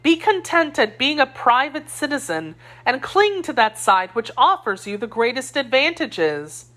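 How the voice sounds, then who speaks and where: A fiery young wife, read by a woman narrator who is indignant, scornful and passionate. Her pitch rises and falls sharply as she argues. A storybook heroine with a sharp tongue. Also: very animated, a little slow, heavily acted. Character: spirited young woman, loyal to her queen.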